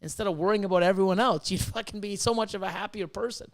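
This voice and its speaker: A man hosting a podcast, chatting casually in a rambling, profane and animated way. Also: sits high, fast, gravelly. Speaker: podcast host.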